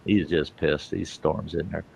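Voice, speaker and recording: A man's voice: very deep voice, level tone, measured pace, creaky, darkish tone, slight background noise, poor audio. A man telling a rambling, profane anecdote in a casual, chuckling way, as the host of a storytelling show.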